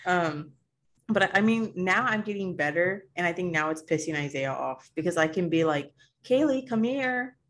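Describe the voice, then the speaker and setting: A woman's voice: fairly low pitch, normal speed, fairly bright tone. A woman chatting casually on a podcast, slangy and blunt, swearing and laughing. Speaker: podcast co-host. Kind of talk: casual chat.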